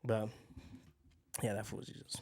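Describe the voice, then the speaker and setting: In a slightly slow, slightly mellow voice, a male podcast co-host chats casually, spinning rambling stories and performing the lines other people said.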